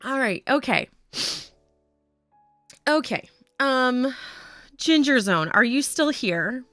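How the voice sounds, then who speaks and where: A woman hosting a live knitting stream, chatting casually with her viewers in an excitable way. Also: sits high, slow, no echo, soft background music. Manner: chatty, excitable, says "um" and "y'all" often.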